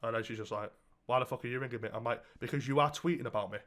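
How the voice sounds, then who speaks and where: A man's voice: mid-range voice, rapid-fire, a bit bright. A young man co-hosting a podcast, telling a story in casual chat and swearing heavily. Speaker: podcast co-host.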